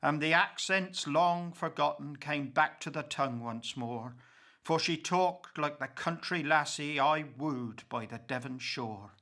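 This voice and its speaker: A man reciting dramatic verse in the role of an old grieving pauper, slow and impassioned. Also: a little high, bright, forceful tone. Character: old grieving male pauper, bitter and accusing.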